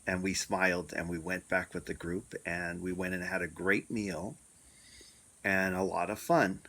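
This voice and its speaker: A middle-aged man with a fairly low voice recounts a personal story at a slow, deliberate pace. His telling is reflective, with many pauses and fillers. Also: steady tone, bright, forceful tone. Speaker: storyteller sharing a personal experience.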